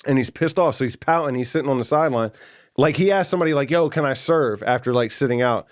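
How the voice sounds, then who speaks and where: A man of middle pitch talking as a guest on a podcast, rough and casual, swearing freely. He fills his story with street slang and voices the other people in it as he goes. His tone stays conversational and unscripted. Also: quick pace. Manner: profane, slangy, keeps saying bro and dude; acts out other people's words mid-story.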